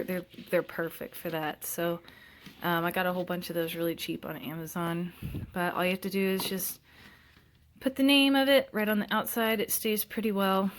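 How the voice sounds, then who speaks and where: A woman's voice: lowish voice, a little hiss or hum. A young woman chatting casually as she shows her art supplies, full of fillers and restarts. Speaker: vlogger giving a studio tour. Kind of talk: casual chat.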